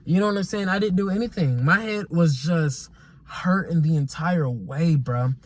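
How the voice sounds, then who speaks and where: Young male vlogger, rambling storytime, repeats himself, slightly high voice. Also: moderate pace. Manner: repetitive, rambling, exasperated; casual slang. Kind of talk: casual storytime monologue.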